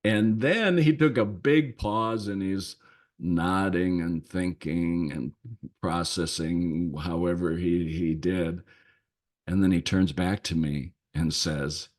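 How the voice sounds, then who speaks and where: A man with a fairly low voice hosts a short leadership podcast and tells a story from his work. He speaks very slowly and lets his pauses sit. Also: darkish tone. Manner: unhurried, thoughtful, lingers on pauses. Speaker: leadership coach and podcast host.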